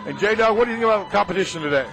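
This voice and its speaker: A man's voice: sits high, expressive, rapid-fire, gravelly. A man hosting interviews at a martial arts tournament, full of enthusiastic praise. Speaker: host and interviewer. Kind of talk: event interview and commentary.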